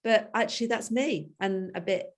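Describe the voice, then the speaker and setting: A woman, thinking aloud in a coaching session. She talks in loose, searching bursts, breaks off mid-thought and laughs easily, at an ordinary middle pitch. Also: normal speed. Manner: chatty, laughs often, trails off and restarts. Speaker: coaching client. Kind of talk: reflective conversation.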